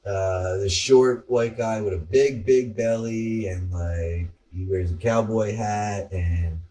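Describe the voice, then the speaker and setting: A man's voice: on the low side, steady tone, slow, dark tone, recorded from a distance. A man co-hosting a casual podcast, telling rambling stories with some profanity. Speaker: podcast co-host. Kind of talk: casual chat.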